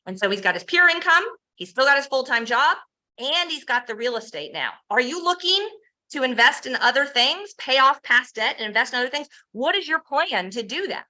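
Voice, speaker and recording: A woman giving an energetic sales presentation, telling success stories, asking the audience rhetorical questions and acting out quoted dialogue. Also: sits high, fairly quick, rough recording. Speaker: presenter pitching a home business.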